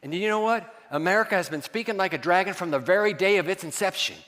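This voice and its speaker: A man preaching a sermon as pastor, quizzing his congregation and dropping to hushed asides. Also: high voice, fast talker, in a large hall.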